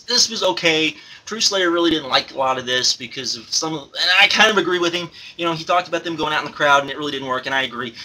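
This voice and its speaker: A man's voice: on the high side, pushed and bright, full character voice, poor audio. A man voicing a giddy male alter-ego reviewer who gushes over wrestling shows and keeps repeating and exclaiming. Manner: gushing, repeats himself, exclaims often. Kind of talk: excited spoken review.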